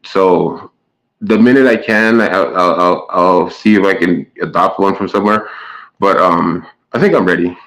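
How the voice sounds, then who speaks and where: A man's voice: low voice, moderate pace, fairly bright tone, rough recording. Stammering sarcastic male streamer. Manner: stammering restarts, sarcastic jabs at chatters. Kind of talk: casual chat to a live stream chat.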